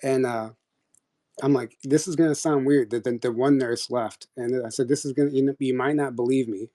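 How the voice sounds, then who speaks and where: A man's voice: medium pitch, fairly even intonation, fairly quick, dark tone. A young man casually telling a personal story on a live audio chat, rambling, full of restarts and quoted dialogue.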